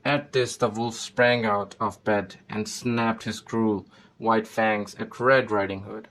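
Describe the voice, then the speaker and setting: A man reading a children's fairy tale aloud in a steady storybook manner. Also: lowish voice, slow, slight background noise, rough recording. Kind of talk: scripted narration of a fairy tale.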